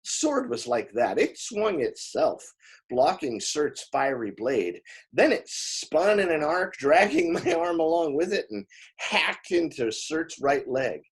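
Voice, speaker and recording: Husky, lively male book reader. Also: on the high side, slow pace. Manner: lively, expressive first-person narration with small slips and laughs. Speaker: audiobook reader. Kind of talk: reading a novel aloud.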